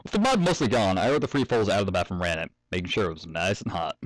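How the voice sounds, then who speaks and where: Young guy reading fanfic into a home mic, lowish voice, super dry sound, keeps cutting in with jokes and swearing. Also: lively intonation, quick pace, no echo, poor audio. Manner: breaks off to joke, swear and laugh. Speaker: fanfic reader. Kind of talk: casual story reading with asides.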